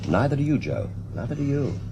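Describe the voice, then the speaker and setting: An actor playing a sharp, defiant male time-traveling hero in a 1970s TV drama, questioning in a probing, cutting way. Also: mid-range voice, big pitch swings, fairly quick, creaky.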